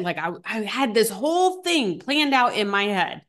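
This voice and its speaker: A middle-aged woman hosting a podcast, telling stories in a chatty, animated way with lots of fillers. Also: mid-range voice, normal speed, hardly any pauses. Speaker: podcast host. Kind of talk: casual solo podcast talk.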